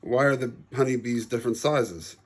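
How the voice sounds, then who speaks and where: A man's voice: mid-range voice, moderate pace, husky, lightly acted. A man voicing a nervous, curious young boy in a children's storybook, asking startled questions.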